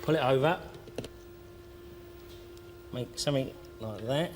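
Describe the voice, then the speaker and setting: A man's voice: medium pitch, slow. A man giving a cooking demonstration as a sausage maker, with matter-of-fact instructions. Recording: noisy TV studio.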